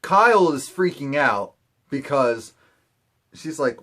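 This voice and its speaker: Animated young man recapping a TV episode. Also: fairly high pitch. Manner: animated, acts out characters in quick quoted asides. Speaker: TV recap host.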